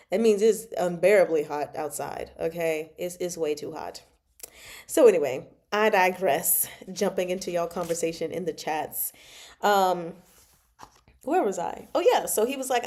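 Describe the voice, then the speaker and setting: A woman hosting a casual livestream book chat, animated and exasperated, laughing often and talking back to the characters. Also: lowish voice, normal speed. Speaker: book club host.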